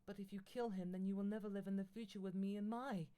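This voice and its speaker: A man's voice: steady tone, fast talker, dark tone, clean tone, natural voice. A man voicing an evil female alien warrior from the future who cackles and gloats. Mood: pleading. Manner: shrill cackling villainess.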